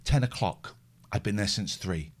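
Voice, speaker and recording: A man's voice: lowish voice, moderate pace. A middle-aged man hosting a live stream, telling a story in casual chat and acting out the phone calls. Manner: animated storyteller, acts out phone calls, thanks subscribers. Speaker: host.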